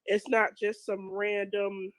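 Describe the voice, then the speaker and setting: A woman guest in a casual chat whose voice is rough from a cold, agreeable and quick to laugh. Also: medium pitch, level tone, no room sound, poor audio. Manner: agreeable, laughs easily, talks in restarts.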